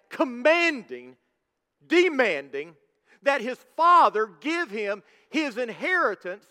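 A man preaching a sermon as a pastor, emphatic and rising to shouts at the high points. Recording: long hall reverb.

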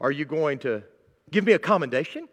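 A man's voice: fairly high pitch, expressive, fairly quick, pitched below the performer's own voice, close to an everyday voice. A man voicing a naive, overly polite male driver who pleads and apologizes. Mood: pleading. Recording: long hall reverb.

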